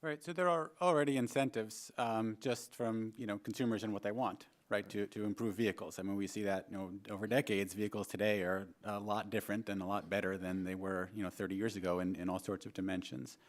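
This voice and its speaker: Male witness, low-ish voice, hedging and filler-heavy. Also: steady tone, fast talker, hardly any pauses. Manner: hedging, many "you know" and "sort of". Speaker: economist witness. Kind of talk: hearing testimony.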